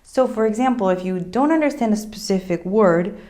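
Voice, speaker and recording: A woman teaching a friendly online language lesson, explaining calmly and modeling phrases with expressive intonation. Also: mid-range voice, fairly quick.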